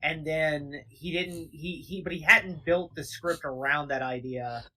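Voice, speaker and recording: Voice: medium pitch, measured pace, sharp tone. A podcast co-host reacting in casual chat, speaking hesitantly and often restarting sentences.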